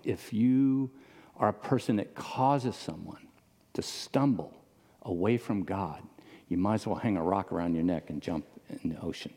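Mellow-voiced pastor in a reverberant hall. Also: male voice, fairly low pitch, gravelly. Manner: casual, asks the audience questions. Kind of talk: conversational sermon. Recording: long reverb of a large hall.

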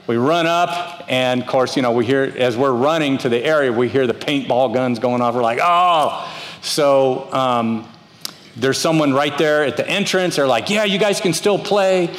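Middle-aged guy pastor, storytelling sermon, acts out voices, medium pitch, echoey church. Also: moderate pace. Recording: reverberant church hall.

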